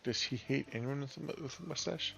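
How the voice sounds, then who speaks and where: A man's voice: medium pitch, brisk, gravelly, fairly bright tone, soft background music, pitched above the performer's own voice. A man voicing a theatrical male TV news reporter who delivers gossip as if it were a tragedy. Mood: melodramatic. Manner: overwrought, theatrical.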